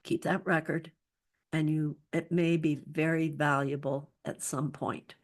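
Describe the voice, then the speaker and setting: Woman w a lowish voice giving earnest advice, restarts a lot, talk on feeling safe. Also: little pitch movement, a little slow. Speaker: speaker. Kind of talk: talk on psychological safety.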